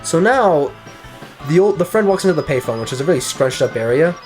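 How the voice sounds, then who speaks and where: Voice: medium pitch, very animated, a little fast, darkish tone, faint music behind. A gaming co-host in casual let's-play chat, rambling and cursing while retelling a film plot. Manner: rambling, profane, retells a film with quoted voices.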